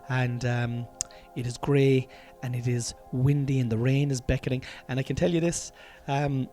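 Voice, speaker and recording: A man's voice: mid-range voice, moderate pace, hardly any pauses, mellow, soft background music. An Irish man hosting a podcast in a room at home. He talks in a rambling, casual comedic monologue, swears freely and calls his listeners lads. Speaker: podcast host.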